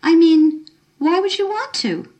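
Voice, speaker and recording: A woman voicing a kind, unflustered middle-aged woman who talks gently and encouragingly. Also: extremely high pitch, expressive, a little slow, voice pushed up. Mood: gentle.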